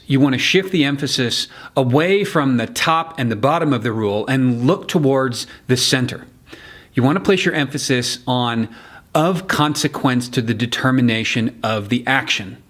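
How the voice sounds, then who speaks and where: Male trial-skills coach, mid-pitched voice, laid-back teaching tone with deliberate courtroom emphasis. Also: lively intonation. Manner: casual, blunt asides. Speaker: legal communication coach. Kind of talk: instructional explainer.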